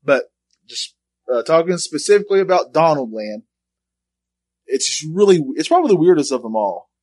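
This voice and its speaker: Lively, teasing man with a dry sound. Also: a little high, moderate pace, no room sound. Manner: teasing, laughs a lot. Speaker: podcast co-host. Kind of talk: casual chat about retro video games.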